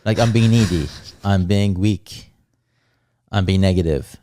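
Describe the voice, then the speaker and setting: A man's voice: low-pitched, a little slow, dark tone. A man co-hosting a podcast, speaking bluntly with a lot of swearing. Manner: blunt, profane, self-critical. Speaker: podcast co-host. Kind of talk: casual chat.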